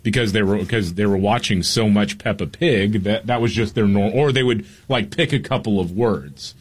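A man co-hosting a talk radio show, speaking in a measured casual way with fillers. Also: on the low side, husky. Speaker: co-host.

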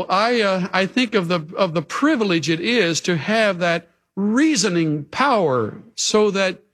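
A man preaching a sermon in an earnest way, dropping low and soft for emphasis. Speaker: pastor.

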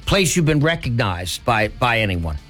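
Male radio host, animated, admiring interviewer. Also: mid-range voice, normal speed, faint music behind. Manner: enthusiastic, admiring questions.

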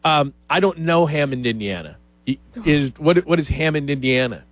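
Man, talk show host, slightly high voice, dry close sound, opinionated casual chat. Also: expressive, moderate pace, a bit bright, no room sound. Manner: opinionated, riffing with mock quotes.

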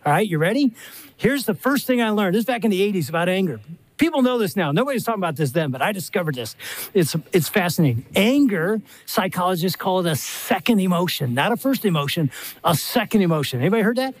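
An older man preaching a sermon, telling stories with lively acted-out quotes. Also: sits high, fast talker, dry recording. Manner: animated storytelling with acted-out quotes. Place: live event stage.

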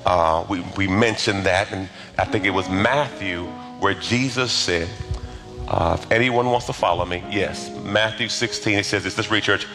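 A man preaching a sermon as pastor, in a lively conversational way with call-and-response to the congregation. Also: low voice, a little slow. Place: church sanctuary. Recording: echoey hall with faint music.

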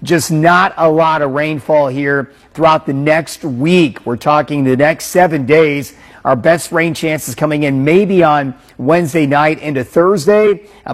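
A man presenting a local TV weather forecast in a brisk, upbeat way. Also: fairly high pitch.

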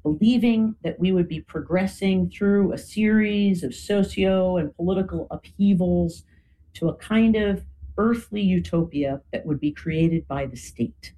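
A woman's voice: lowish voice, unhurried, dark tone, low-quality recording. A woman explaining history in a conversational talk, often adding "you know" and "right?". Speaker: guest speaker.

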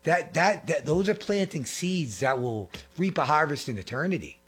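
A middle-aged man preaching a fervent sermon, repeating phrases and swinging between loud and hushed. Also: a little high, animated, normal speed, breathy edge. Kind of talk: impassioned sermon.

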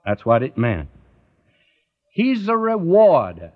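A man's voice: fairly high pitch, wildly swooping pitch, slow pace. A man preaching a sermon in an earnest way, often turning to the listeners with direct questions. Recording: dull lo-fi recording.

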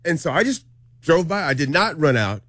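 A man hosting a morning radio show, telling animated stories in casual banter. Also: on the high side, normal speed, no room sound, studio quality. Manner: animated storyteller.

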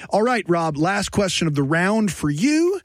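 A man's voice: sits high, very animated, measured pace, dry recording. A man hosting a trivia game, reading questions and chatting with upbeat energy. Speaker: quiz host. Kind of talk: quiz hosting.

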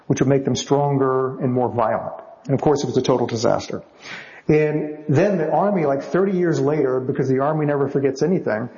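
Gravelly-voiced man telling lively stories. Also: mid-range voice, dull audio. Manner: lively storyteller acting out quotes. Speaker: novelist guest. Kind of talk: anecdotal interview storytelling.

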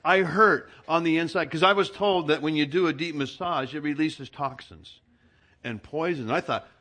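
Bright-voiced storytelling male pastor. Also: on the high side, moderate pace. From Southern California. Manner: storytelling, animated, laughs while telling. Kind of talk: sermon with personal anecdote.

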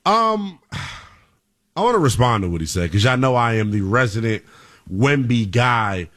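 A man hosting a sports talk radio show, excitable and emphatic as he talks to callers. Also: mid-range voice, measured pace.

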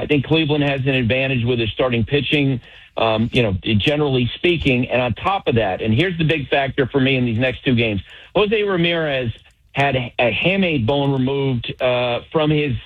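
A middle-aged man talking baseball as an analyst on sports radio, opinionated and rattling off examples. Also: medium pitch. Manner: opinionated, piles up quick examples. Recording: dull lo-fi radio sound.

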